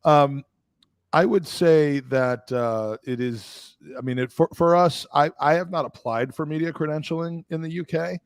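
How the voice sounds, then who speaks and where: Animated, self-mocking man on a podcast. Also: fairly high pitch, unhurried, smooth, no room sound. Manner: animated, self-deprecating, stumbling restarts. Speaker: podcast co-host. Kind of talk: casual chat.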